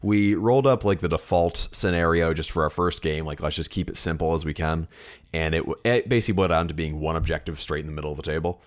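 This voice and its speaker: A man's voice: rumbling low, fast talker. A man co-hosting a podcast, telling a long rambling story in casual chat with lots of fillers and restarts. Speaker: podcast co-host.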